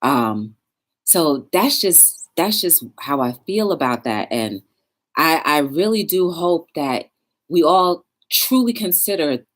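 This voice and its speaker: Emotional woman host preaching positivity on a live stream, low husky voice. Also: expressive, takes it slowly. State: emotional, close to tears. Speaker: talk show host.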